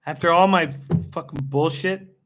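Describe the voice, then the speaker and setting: A man's voice: a little high, fairly even intonation, moderate pace, background noise. A man streaming live horse race betting, talking to his chat and muttering curses when his horse fails. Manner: frustrated, swearing, muttering to himself.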